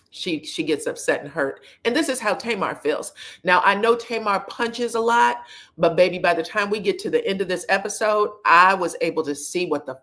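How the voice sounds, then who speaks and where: Chatty woman hosting a live review. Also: fairly low pitch. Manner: chatty, animated, laughs often. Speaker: reality TV review host. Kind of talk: casual live-stream chat.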